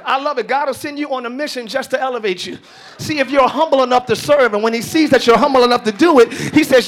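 A man in the pulpit delivers a live sermon. His voice sits unusually high and rings bright and piercing. He builds his points into shouted peaks and breaks off to tease the congregation. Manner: preaching with rising shouts and asides to the congregation. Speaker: pastor. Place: church.

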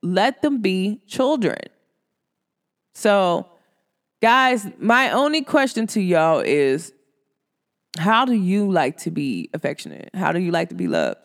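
A woman in her thirties, a host talking casually to her listeners in a lively, animated way, acting out quotes with big jumps in pitch. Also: slow pace, pauses often, in a large hall. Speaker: podcast host.

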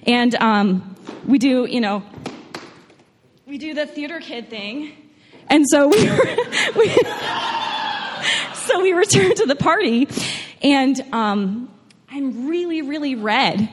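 A woman's voice: sits high, animated, unhurried. A young woman from New York telling a funny personal story to a live audience, chatty, with frequent laughs and restarts. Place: large room with an audience. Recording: long hall reverb.

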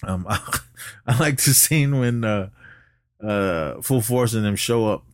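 Podcast co-host, male, easygoing and animated movie recap, laughs a lot, dry close mic. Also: measured pace, no echo. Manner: animated retelling, jumps up in pitch when quoting characters; laughs often while talking.

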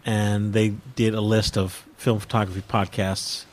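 A man's voice: lowish voice, little pitch movement, a little slow. A man co-hosting a casual podcast, teasing his co-hosts and reading listener mail aloud. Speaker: podcast co-host. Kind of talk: casual chat.

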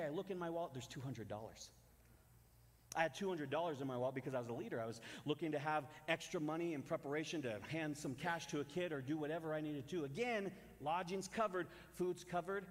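A young man in his twenties preaching a sermon, telling a personal story earnestly with self-deprecating asides. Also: fairly high pitch. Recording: long hall reverb.

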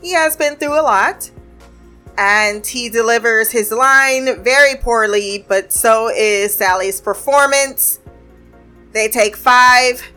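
A woman with a fairly high voice recaps a TV episode in a loose, conversational way. She laughs a lot, swears freely and drops into quick asides. Faint music plays under her voice. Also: pushed and bright. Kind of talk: casual spoken recap.

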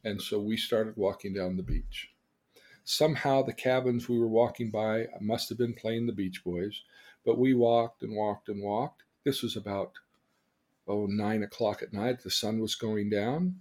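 Husky older man telling stories. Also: on the low side, unhurried. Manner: animated storyteller who acts out quoted dialogue. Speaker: change coach and teacher. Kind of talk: storytelling lesson on a podcast.

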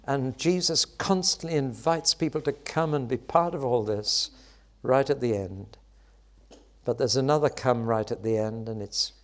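Here a man gives an expressive sermon, swelling to loud, high exclamations and then retreating into soft, quiet phrases.

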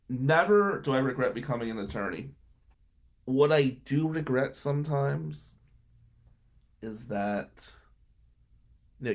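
A man in his thirties from Atlantic City, a trial attorney talking bluntly and with plenty of swearing about his hard early career. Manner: blunt and profane, swings from low and subdued to loud and heated. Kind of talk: candid interview monologue.

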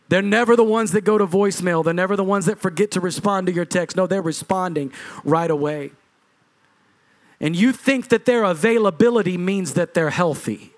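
Middle-aged male pastor, high-pitched preaching voice, punchy repetition, big dynamic swings. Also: normal speed. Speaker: lead pastor. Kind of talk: sermon.

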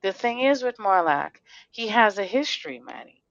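A woman hosting a podcast in a fiery, blunt way, swearing freely and firing off rhetorical questions. Her voice sits at a middle pitch. The sound is dry and a little muffled. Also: very animated, normal speed, gravelly, no room sound. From Connecticut. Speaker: podcast host. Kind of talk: heated casual podcast talk.

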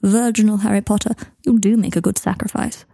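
A woman voicing a sharp-tongued, guarded young man with a dry, pointed delivery in a storybook reading. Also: mid-range voice, fairly even intonation, a little fast, vocal fry, no echo. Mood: teasing.

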